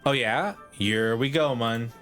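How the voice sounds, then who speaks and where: A man's voice: medium pitch, takes it slowly, a bit bright, soft background music. A man, casually rambling and laughing while streaming a game. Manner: giggly, rambling, self-deprecating.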